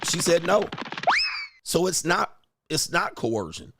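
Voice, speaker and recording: A man's voice: on the high side, sing-song, slow, vocal fry, heavy background noise. A man hosting a livestream, ranting bluntly in crude, mocking commentary. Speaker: livestream host.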